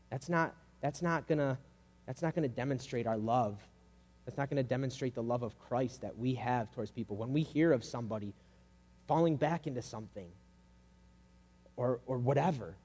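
Preaching casually and chattily, a man peppers his sermon with "like" and small performed quotes. His somewhat high voice echoes through the hall in a long reverb.

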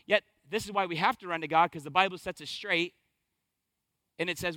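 A man preaching a sermon as pastor, impassioned, swinging from hushed to loud. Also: high voice, fairly quick, dry recording.

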